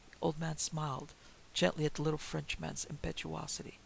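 A man reading a story aloud as an audiobook narrator, in a measured, deliberate way. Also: fairly high pitch, flat delivery, creaky, husky, rough recording. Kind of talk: scripted narration.

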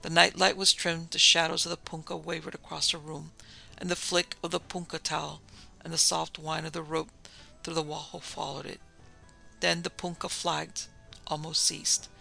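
A man narrating a classic story for an audiobook in a measured, descriptive way. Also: on the high side, vocal fry, pushed and bright, rough recording.

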